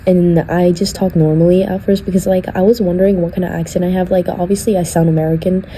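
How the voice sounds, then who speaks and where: A young woman with a low, mellow voice rambles casually to her camera, her talk full of fillers. English is not her first language. Faint room ambience hangs behind her. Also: flat delivery, fast, slight background noise, rough recording. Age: young adult. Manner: rambling, chatty, lots of "like". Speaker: vlogger. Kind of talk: casual vlog chat. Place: dorm room, sounding echoey.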